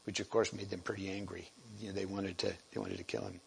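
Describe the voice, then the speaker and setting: A man giving a sermon, halting and repeating words, often clearing his throat. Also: low-pitched, flat delivery, low-quality recording. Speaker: lay preacher.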